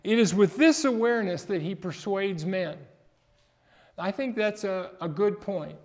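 A man's voice: sits high, measured pace, darkish tone. A middle-aged man preaching a sermon as a pastor, emphatic and rising in force on key points, with a chuckle here and there. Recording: long hall reverb.

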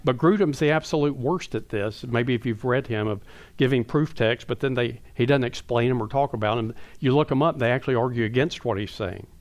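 Male conference speaker, mid-pitched voice, emphatic and conversational lecturing style, unpacks technical terms in plain words. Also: brisk. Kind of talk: theological lecture to a live audience. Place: conference hall.

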